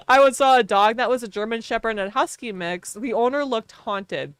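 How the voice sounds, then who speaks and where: A woman's voice: a little high, normal speed, hardly any pauses, a bit bright, clean tone, dry recording, studio quality. A woman streamer telling a long casual story while gaming, chatty and full of fillers, laughing often.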